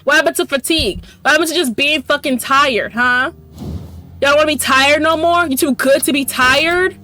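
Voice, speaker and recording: Woman let's-play host: high voice, profane, sarcastic ranting commentary. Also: moderate pace, bright, forceful tone, faint music behind. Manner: talks to the game characters. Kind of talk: gameplay commentary.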